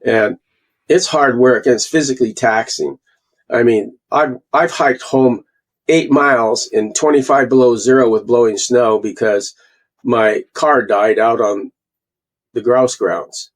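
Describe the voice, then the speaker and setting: A man in his sixties from Canada, a guest falconer telling animated stories in a casual interview and acting out the quotes. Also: medium pitch, unhurried. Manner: animated storyteller, acts out quotes.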